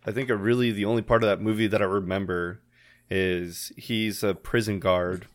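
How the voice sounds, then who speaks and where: A man's voice: on the low side, steady tone, moderate pace. A man co-hosting a casual podcast chat, telling rambling stories and laughing often. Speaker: podcast co-host.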